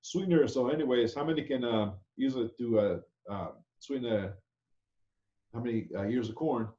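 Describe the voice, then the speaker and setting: This mellow male voice sits at medium pitch and moves at a normal speed. He's a chef instructor running a casual online class in an easygoing, chatty way, repeatedly asking "okay?" The video-call audio is dull and echoey.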